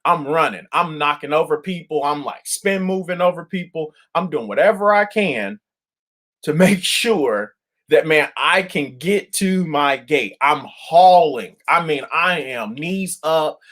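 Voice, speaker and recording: A male pastor giving a daily devotional, telling a story in an animated, colloquial, emphatic way. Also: a little high, unhurried.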